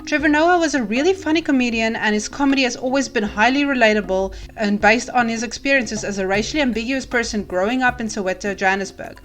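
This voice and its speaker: A woman reading scripted commentary in a measured, deliberate, argumentative way. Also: a little high, a bit bright, faint music behind. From South Africa. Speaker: YouTube commentator.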